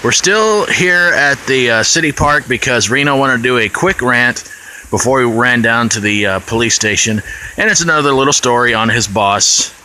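A man's voice: mid-range voice, expressive, moderate pace, sharp tone, slight background noise, low-quality recording. A man casually introducing a vlog segment with chatty, hesitant fillers, outdoors in a city park. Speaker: vlog co-host.

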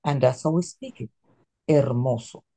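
Female teacher, lively and coaxing, drills pronunciation. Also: a bass voice, moderate pace, vocal fry, husky. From Latin America. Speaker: Spanish teacher. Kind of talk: classroom teaching.

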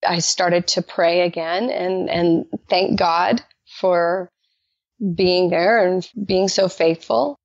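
A woman guest telling her personal faith testimony in an animated way, acting out the dialogue she quotes. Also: slow pace, dry recording. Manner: animated, acts out quoted dialogue with jumps in pitch. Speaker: podcast guest. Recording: dull lo-fi dry recording.

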